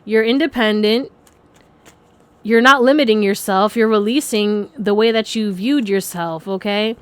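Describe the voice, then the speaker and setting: A woman's voice: medium pitch, unhurried, clean tone, no echo. A young woman giving a casual pick-a-card tarot reading, chatty and rambling, swearing freely and laughing often.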